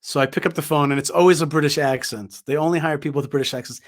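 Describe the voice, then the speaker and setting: A man with a slightly raised voice tells a story in conversation. He is emphatic and forceful in his points, often repeating words and restarting his sentences as he goes. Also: a little high, very fast, few pauses. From Israel. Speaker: guest speaker.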